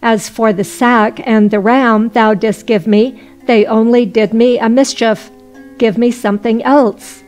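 A woman's voice: on the high side, fairly even intonation, measured pace, darkish tone, soft background music, natural voice. A woman voicing an angry, drunken peasant man who demands his goods back. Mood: indignant. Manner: indignant, demanding.

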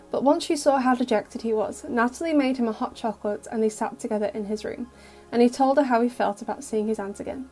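Gentle woman narrating a fan story. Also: a little high. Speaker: audio fic narrator. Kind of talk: scripted narration.

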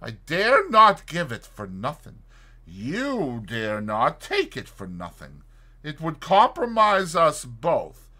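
A man voicing a coarse, sinister young doctor who talks in a low, cold and measured way. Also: huge pitch swings, bright, forceful tone, exaggerated voice. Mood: coaxing.

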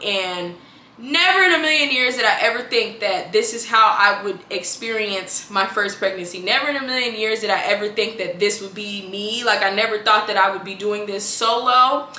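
A woman, telling her story in a chatty, animated vlog and acting out her family's lines. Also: mid-range voice, roomy sound. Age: 20s. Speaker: vlogger.

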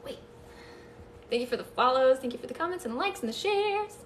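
A woman's voice: sits high, animated, brisk, far from the mic, slight background noise. A woman hosting a casual live stream, chatting with viewers and thanking them, with playful nervous laughs. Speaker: livestream host. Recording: echoey room, voice off-mic.

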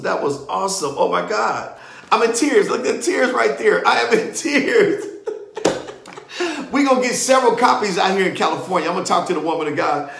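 A man hosting a live ministry broadcast and leading prayer, excitable, often repeating himself and laughing. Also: fairly high pitch, creaky, echoey room. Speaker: ministry host.

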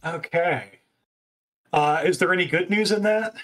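A man's voice: high voice, measured pace, fairly bright tone. A man playing a tabletop game at a live convention, talking casually and thinking aloud through his moves. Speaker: player.

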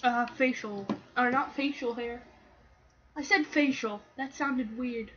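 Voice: mid-range voice, takes it slowly. A young let's play host cracking crude jokes and giggling through casual banter with a friend. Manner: crude, giggly, swears often. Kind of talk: casual joking banter over gameplay. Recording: dull lo-fi recording with faint hiss.

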